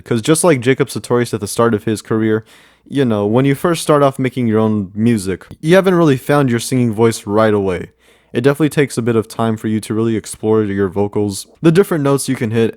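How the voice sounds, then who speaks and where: A man reviews music in a casual, rambling way, often repeating himself and leaning on fillers. His voice sits at a middle pitch and sounds dry and close, with no room echo. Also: darkish tone. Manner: rambling, with many repeats and "you know" fillers. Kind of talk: casual commentary.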